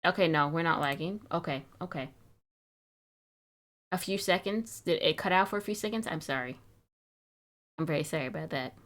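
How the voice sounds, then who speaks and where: Rambling young woman streamer, a bit low. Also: normal speed, long pauses. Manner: rambling, wistful, fretting aloud with restarts and soft laughs. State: sick. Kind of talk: casual live-stream chat.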